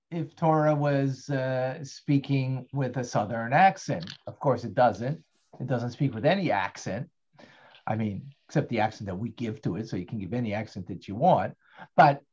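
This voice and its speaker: A husky man with a middle-pitched voice leads an online Torah class in an easygoing, chatty style. He repeatedly asks his students questions and thanks each one by name. The audio comes across a little dull and lo-fi.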